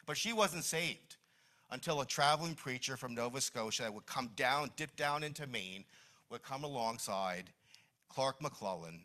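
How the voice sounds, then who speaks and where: A man's voice: mid-range voice, lively intonation, a little slow, bright, forceful tone. A middle-aged man from New Jersey giving a reminiscing Mother's Day talk in a church hall, with many restarts. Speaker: church speaker.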